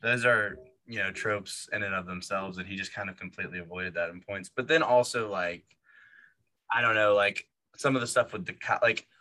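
A man's voice: fairly low pitch, normal speed, pushed and bright. A man co-hosting a casual movie podcast, rambling with lots of fillers and restarts. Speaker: podcast co-host.

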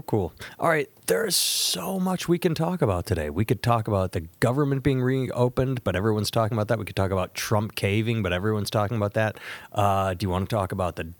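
A man's voice: lowish voice, fast, no room sound. A man in his thirties, a comedian hosting a podcast, telling a story casually and acting out both sides of each conversation. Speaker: podcast host and stand-up comedian.

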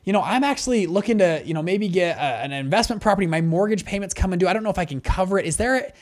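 A man's voice: high-pitched, lively intonation, fast. A man putting on the voice of an anxious male friend who keeps asking nervously about his money. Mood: worried. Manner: eager, nervous questioning.

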